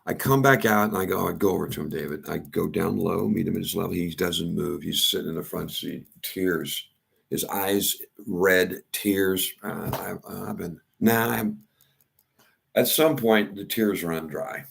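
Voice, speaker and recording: Gravelly low-voiced man rambling. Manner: halting, repeats and restarts words. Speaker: storyteller. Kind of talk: rambling personal monologue.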